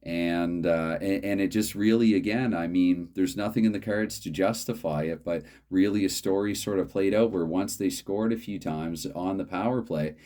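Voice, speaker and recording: A man hosting a solo tabletop hockey card game, calling the plays in a halting, dry play-by-play way. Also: sits low, dark tone.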